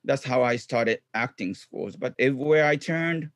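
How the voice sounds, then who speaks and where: Man in halting non-native English. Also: mid-range voice, animated, no echo. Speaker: guest, clown comedian and improviser. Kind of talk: casual interview.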